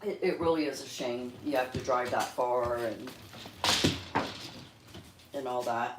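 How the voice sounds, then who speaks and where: A woman hosts a casual livestream with her pet birds, chatting with viewers by name. Her voice sits low and comes from some distance away. An echoey room with steady noise surrounds it. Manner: coos at her birds in a high coaxing voice. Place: at home. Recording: echoey room, far from mic, noisy.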